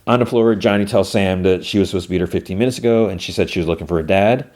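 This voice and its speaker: Recapping a TV episode scene by scene, a podcast host talks rapid-fire in a low, darkish voice. He keeps it casual, loosely quoting lines and using plenty of filler words.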